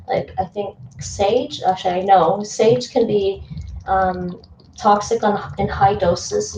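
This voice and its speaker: A young woman cooks in her home kitchen on a live stream, chatting casually with readers of the chat, thinking aloud and laughing often. Her mid-range voice is warm, picked up by a distant, dull stream mic in a roomy space with fan noise.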